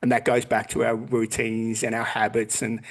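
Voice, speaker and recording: A man's voice: mid-range voice, completely flat delivery, moderate pace. A man in his forties, a podcast guest in casual chat who talks bluntly, swears a lot and acts out what people said. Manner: blunt and heavily profane, acting out quotes.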